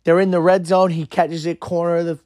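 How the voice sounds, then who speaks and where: A man hosting a podcast, excitedly recounting a football game in casual, swearing speech full of fillers, his voice worn from shouting. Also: a little high, fairly quick, no echo, clean studio sound. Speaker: podcast host. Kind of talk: casual storytelling.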